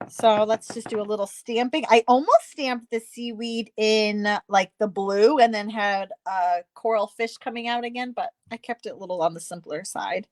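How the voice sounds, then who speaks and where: A woman's voice: mid-range voice, normal speed, few pauses, no room sound. A woman hosting a card-making tutorial, chatting casually and poking fun at herself as she works. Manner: chatty, self-deprecating, talks while working.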